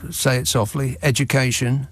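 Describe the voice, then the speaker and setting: A man's voice: medium pitch, little pitch movement, normal speed, dry recording. A man hosting a late-night radio phone-in, sarcastic and opinionated. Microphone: studio microphone.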